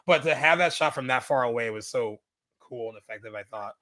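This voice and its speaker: A man's voice: medium pitch, fairly quick, a loud crowd. A man co-hosting a podcast, chatting casually about a film, rambling with lots of fillers and restarts. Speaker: podcast co-host. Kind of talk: casual film review chat.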